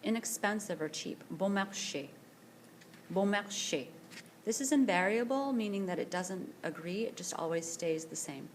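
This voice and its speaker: A woman teacher recording a screencast vocabulary lesson, speaking slowly and carefully and repeating each word for pronunciation practice. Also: medium pitch, slight background noise. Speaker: French teacher. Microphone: tablet screencast voice-over.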